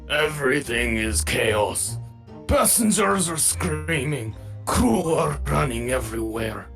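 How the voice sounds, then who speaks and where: A man playing a brash gravelly man. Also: mid-range voice, expressive, slow pace, fairly bright tone, faint music behind, heavily acted. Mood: alarmed. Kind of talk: amateur game voice-through.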